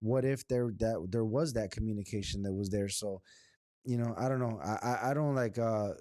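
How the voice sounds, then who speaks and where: A man's voice: lowish voice, normal speed, warm tone, no room sound, clean studio sound. A man in his thirties co-hosting a podcast, speaking hesitantly and reflectively with many restarts. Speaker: podcast co-host. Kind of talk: casual podcast chat.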